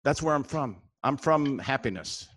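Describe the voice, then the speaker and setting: A man's voice: mid-range voice, lively intonation, moderate pace. A man, a comedian guest, chatting in a rambling, joking way with many fillers. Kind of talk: casual interview chat.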